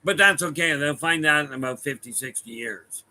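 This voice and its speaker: On poor audio with some hiss or hum, a man with a slightly high, sharp voice speaks at a moderate pace. He's a medium addressing a live room and online viewers, telling rambling anecdotes and often correcting himself.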